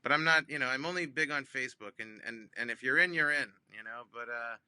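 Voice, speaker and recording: A comedian, a man, telling a funny phone-call story in an animated way, with many ums and restarts, acting out both sides. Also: mid-range voice, fairly quick, smooth, no room sound. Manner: acts out both sides of phone calls with big voice jumps. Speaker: comedian guest.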